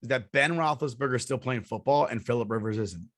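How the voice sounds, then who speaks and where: A man co-hosting a casual sports podcast, blunt and opinionated, quick to argue and to dismiss other people's picks. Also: mid-range voice, a bit bright, no room sound, studio quality. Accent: New Jersey. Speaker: podcast co-host.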